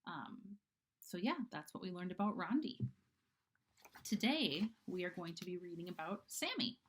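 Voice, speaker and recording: A woman's voice: fairly low pitch, moderate pace, a little hiss or hum. A woman casually reading a children's book chapter aloud, chatty, with fillers and asides. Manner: chatty, fillers, animated character voices. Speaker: reader. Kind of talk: casual storybook read-aloud.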